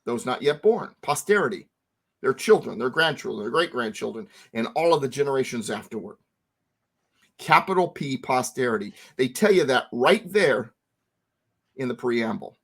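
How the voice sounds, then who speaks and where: A man teaching a founding text to a co-host, emphatic and lively, repeating words for stress. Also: mid-range voice, normal speed, creaky, husky.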